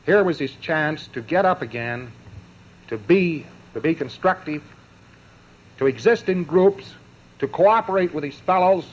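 A man giving a lecture to a live audience, emphatic and sardonic, breaking his points into short phrases with pauses and mocking asides. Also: on the high side, animated, muffled recording.

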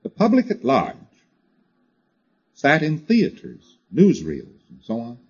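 A man's voice: mid-range voice, huge pitch swings, slow pace, a little mellow, breathy edge, dull audio. A man lecturing a class in a conversational way, driving his points home with repetition and frequent "you see" asides.

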